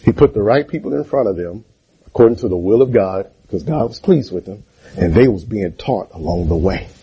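A man's voice: on the low side, lively intonation, fairly quick, warm tone, muffled recording, a little hiss or hum. A man preaching a sermon in a church, throwing rhetorical questions at the congregation in call-and-response.

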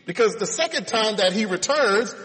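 A man's voice: high voice, lively intonation, normal speed, a bit bright. Preaching man in a reverberant hall. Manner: reads scripture then explains it, addressing listeners as friends. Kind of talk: sermon.

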